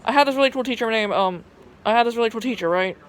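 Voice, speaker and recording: A young woman with a Southern twang vlogs into her phone camera, telling a story casually. Her voice is on the high side and racing, and her talk rambles, full of cursing, "like" fillers and restarts.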